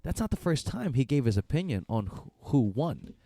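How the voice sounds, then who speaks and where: A man co-hosting a podcast in casual chat, agreeable and rambling, often backing his partner with quick yeahs. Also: medium pitch, very animated, mellow, no room sound. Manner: rambling, agreeable, lots of "yeah" fillers. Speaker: podcast co-host.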